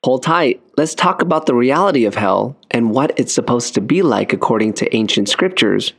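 A man hosts an interview program, speaking in a measured way at an ordinary middle pitch. He sums up what his guest said before asking the next question. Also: expressive, vocal fry. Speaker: host. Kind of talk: interview talk show.

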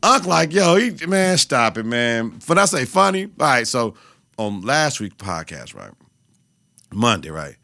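A young adult man hosting his own podcast, talking in a loose, profane, animated way and breaking into laughter as he tells stories. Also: mid-range voice, unhurried, gravelly, no echo, studio quality. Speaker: podcast host. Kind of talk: casual solo podcast rant.

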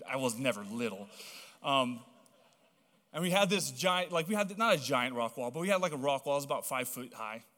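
A young man from Hawaii delivers a casual storytelling sermon at a middle pitch, rambling and animated with plenty of casual fillers. His voice carries the long reverb of a large church auditorium. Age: young adult. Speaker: young guest preacher.

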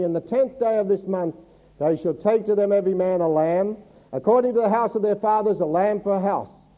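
A man preaching to a church congregation in a fairly high voice, teaching scripture and quizzing the listeners. He mixes the teaching with light, humorous asides. The recording sounds muffled and lo-fi. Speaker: pastor. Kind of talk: sermon. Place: church service before a congregation.

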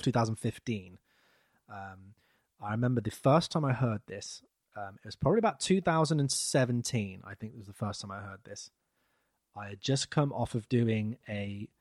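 A man, chatting casually as a podcast co-host, rambling and trailing off softly. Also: medium pitch, no room sound, studio quality. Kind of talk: casual chat.

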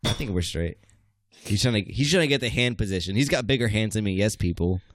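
A man's voice: on the low side, animated, fast, background noise. A man hosting a podcast, teasing his co-hosts in casual, profane banter, a bit tipsy. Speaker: podcast host.

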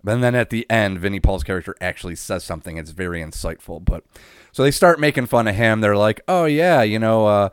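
Male podcast co-host, lowish voice, dry close sound, rambling play-by-play recap. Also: a little fast, smooth, no echo. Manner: blow-by-blow recap with frequent filler uhs and swearing. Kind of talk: casual wrestling recap chat.

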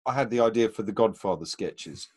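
A man co-hosting a comedy sketch show, chatting in a relaxed, rambling way. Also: fairly low pitch, fairly quick, slightly rough. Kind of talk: casual chat.

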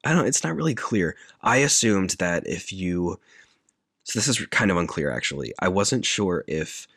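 Very deep-voiced man recapping a film. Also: expressive, fairly bright tone, slightly rough, no room sound, studio quality. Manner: halting, loose, with many fillers. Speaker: podcast co-host. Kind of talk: casual chat, retelling a movie plot.

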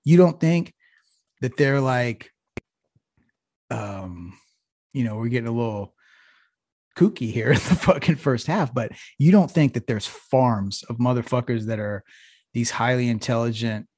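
A man's voice: mid-range voice, a little slow, long pauses, darkish tone, dry recording, clean studio sound. A man co-hosting a podcast in casual banter, telling rambling stories full of swearing. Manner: rambling storyteller, heavy swearing, says "bro". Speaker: podcast co-host.

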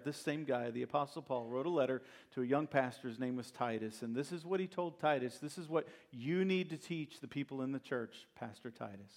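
A male pastor preaching a sermon, moving from conversational asides to emphatic, building scripture reading. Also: medium pitch.

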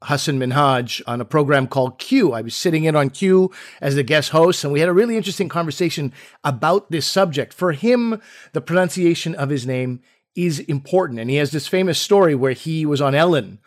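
A man hosting a casual conversation, telling stories in a relaxed way and acting out quotes. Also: on the high side, fairly quick. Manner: relaxed storyteller, animated quotes.

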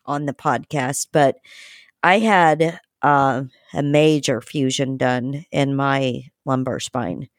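A woman with a low voice hosts a podcast in frank, chatty talk that slips into casual swearing. The sound is dry and close to the mic. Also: steady tone, takes it slowly, dry recording. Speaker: podcast host.

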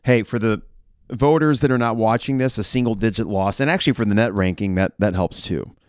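A man hosting a live game reaction podcast, blunt and frustrated, who swears and flares into shouting. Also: fairly low pitch, a little fast, clear, resonant tone, no room sound, studio quality.

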